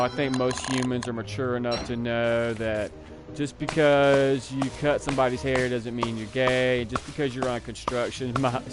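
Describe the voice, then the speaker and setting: Male streamer, casual rambling chat, mid-pitched voice, talks back to viewers, music behind. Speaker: live streamer.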